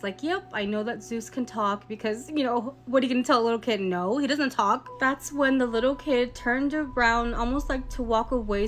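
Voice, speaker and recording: A woman retelling a scary story in a lively, chatty way, with quick asides to the listener. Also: on the high side. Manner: animated, reacting with quick asides.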